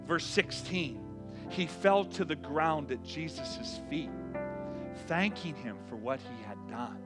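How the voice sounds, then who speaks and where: A man preaching a sermon to a church congregation, animated, dropping to a hush and then rising to loud lines. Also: on the high side, takes it slowly, music in the background. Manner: animated, swings from hushed to loud acted quotes. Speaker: pastor.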